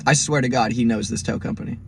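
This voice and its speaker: A man hosting his own podcast, telling listeners a first-person road story in a casual, profane, animated way. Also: medium pitch, quick pace, noisy background. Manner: speaks straight to listeners as "guys". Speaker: podcast host.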